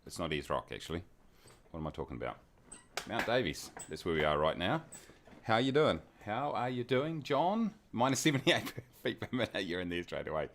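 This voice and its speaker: A man's voice: deep voice, sing-song, brisk, fairly bright tone, a little hiss or hum. A man with a New Zealand accent, hosting a flight-sim live stream in casual, jokey chat and greeting viewers by name. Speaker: flight sim livestream host.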